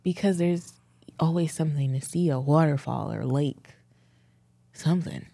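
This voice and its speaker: A woman in her thirties co-hosting a podcast, telling stories with animated laughter in casual chat. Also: sits low, normal speed, vocal fry, slightly rough, no echo. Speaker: podcast co-host.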